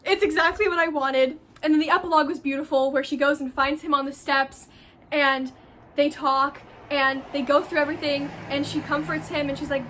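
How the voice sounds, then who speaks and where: A woman with a high, sharp-edged voice chats about a book straight off the cuff. She gushes and rambles, circling back to repeat her favorite phrases. It comes across as unscripted, excited fan talk. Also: normal speed, slight background noise. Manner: gushing, effusive, repeats herself for emphasis. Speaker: book vlogger.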